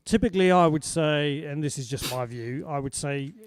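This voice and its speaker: A man's voice: fairly high pitch, normal speed, clean tone. A British man hosting a music show over a video call, chatting casually and greeting viewers. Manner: chatty, warm greetings to viewers, laughs easily. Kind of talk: casual livestream chat.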